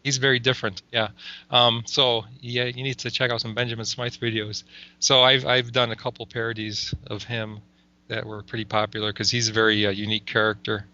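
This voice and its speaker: A man's voice: mid-range voice, level tone, brisk, bright, forceful tone, highs cut off. A man who makes comedy videos, talking casually as an interview guest, rambling with lots of fillers and frequent laughter.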